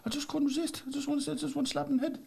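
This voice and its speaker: A man voicing a huge, impulsive male drinker and brawler who answers in flat, matter-of-fact lines. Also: very high voice, rapid-fire, vocal fry, noisy background, voice pushed up, exaggerated voice. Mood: sheepish.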